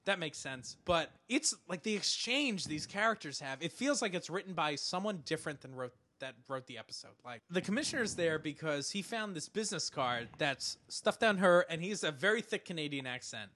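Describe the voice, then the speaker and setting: A man's voice: a little high, moderate pace, hardly any pauses, slight background noise. A man co-hosting a podcast, chatting casually about a TV episode and animatedly acting out characters' lines. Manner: animated, acts out lines in quoted voices. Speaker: podcast co-host. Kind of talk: casual chat recapping a TV episode.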